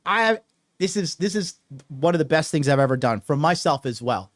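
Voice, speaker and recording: Man, dating coach, swears a lot, emphatic, repetitive, slightly high voice. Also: expressive, normal speed, a bit bright. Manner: profane, emphatic, repeats himself. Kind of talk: solo advice monologue.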